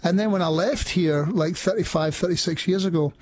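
A man's voice: high-pitched, fairly quick, a little mellow, slight background noise. A Scottish man in his sixties, a musician guest chatting in a radio studio, rambling with many fillers and restarts. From Scotland. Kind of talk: casual interview chat.

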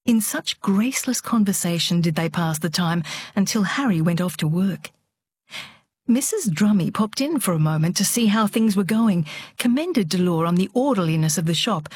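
A woman narrating an audiobook in a steady, measured storytelling voice. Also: lowish voice, slightly rough.

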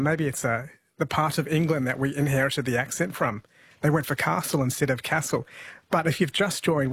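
Husky-voiced man hosting radio. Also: on the high side, a bit bright, no echo. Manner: chatty, reads listener texts aloud. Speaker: radio host. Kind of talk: radio talkback and quiz.

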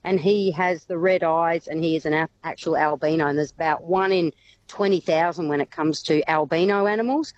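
A woman's voice: sits low, fairly quick, no echo, highs cut off. A woman, a wildlife carer chatting casually as a radio guest, hesitant and full of ums. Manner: chatty, hesitant with many ums, laughs often.

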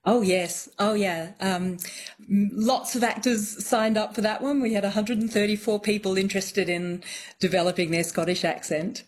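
A woman's voice: mid-range voice, moderate pace. A woman accent coach as a radio guest, explaining thoughtfully with frequent ums.

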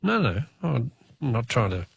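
Brief: male quiz host on talkback radio, husky, very lively pitch, dry studio sound, loves a pun. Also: unhurried, no echo. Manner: jokey, punning, spells answers out.

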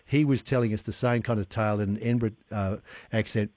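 A man's voice: fairly low pitch, steady tone, fast talker, no room sound. A man hosting a radio show, chatting loosely and laughing along. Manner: warm-hearted rambling, laughs along. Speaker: radio host. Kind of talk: casual radio chat. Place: radio studio.

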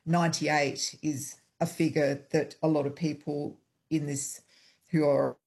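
A woman guest in a hotel room, speaking over an internet call, explaining in a measured way with frequent ums. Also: low voice, little pitch movement, a little mellow, husky. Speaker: historian guest.

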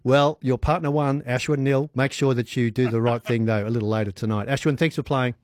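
A man's voice: medium pitch, fairly even intonation, a little fast, a little mellow, dry recording. Aussie guy hosting a phone-in quiz on radio, friendly and upbeat, mid voice. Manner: chatty, upbeat, laughs easily. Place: radio studio.

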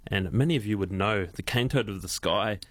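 Australian co-host reading news, low voice. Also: male voice, a little fast, a bit bright, no echo. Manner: stumbles and laughs while reading, easily distracted. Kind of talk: reading news with casual banter.

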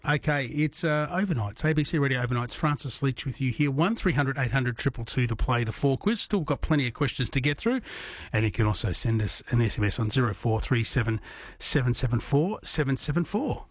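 An Australian man hosting a late-night radio quiz, chatty and animated. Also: mid-range voice, brisk, no echo. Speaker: radio host. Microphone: studio microphone.

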